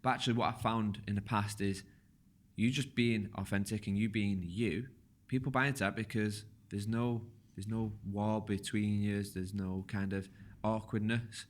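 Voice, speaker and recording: A man hosting a podcast interview, talking in a relaxed, rambling way and restarting his questions as he goes. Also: fairly low pitch, moderate pace. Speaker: podcast host. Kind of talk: casual conversational interview.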